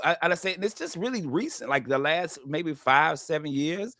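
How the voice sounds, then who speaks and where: Chatty bright-voiced male co-host. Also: fairly high pitch, animated, moderate pace, no echo, studio quality. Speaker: radio show co-host. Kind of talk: comedic radio banter.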